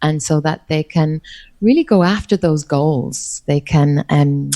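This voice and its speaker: Low-voiced Irish woman with an Australian lilt. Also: a little slow, dark tone. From Ireland. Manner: sing-song, enthusiastic, laughs often. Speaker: guest, life coach. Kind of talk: podcast interview.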